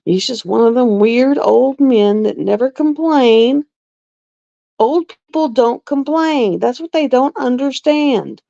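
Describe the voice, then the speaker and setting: A woman's voice: sits high, slow pace, vocal fry, mellow, no room sound. A middle-aged woman, a nurse, chatting bluntly and with exasperation on a casual live stream. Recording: dull lo-fi dry live-stream audio.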